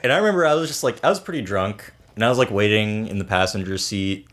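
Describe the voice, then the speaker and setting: A young man co-hosting a podcast, telling a story in casual chat with lots of laughing. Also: fast talker. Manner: lively, laughing storytelling with big pitch jumps. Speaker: podcast co-host.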